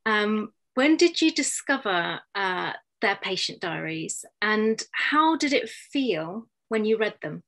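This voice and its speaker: A woman interviewing a guest, earnest and pausing with many ums. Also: mid-range voice, very animated, a bit bright, rough recording. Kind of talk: interview questions.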